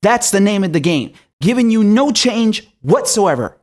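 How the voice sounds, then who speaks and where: A man's voice: sits high, animated, normal speed, hardly any pauses, darkish tone. A man from Syria delivers an angry political rant as host of his own show. He is profane and sarcastic throughout, and full of fury. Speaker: political commentator.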